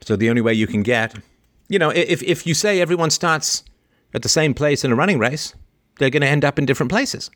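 A man hosting a livestream and answering a listener's question in a long, opinionated monologue. He lectures emphatically, repeats his key lines, and swings between loud sarcastic jabs and quieter asides. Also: a little high, expressive, fairly quick, dry recording, clean studio sound.

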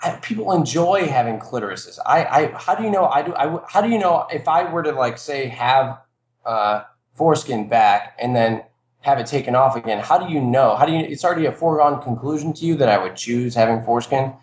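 A man's voice: mid-range voice, lively intonation, brisk, reverberant, slight background noise. A male caller in a call-in debate, defensive and hesitant, stumbling and repeating words as he argues back.

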